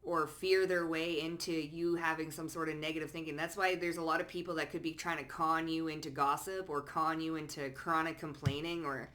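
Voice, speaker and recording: A woman talks through a card reading in a loose, sassy way, sprinkling in curses and pet names. Her voice is bright and sharp. She drops into low asides, then bursts out loud and emphatic. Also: flat delivery, brisk, hardly any pauses. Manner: blunt, sassy, peppered with swearing and pet names. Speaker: psychic card reader. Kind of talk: casual spoken card reading.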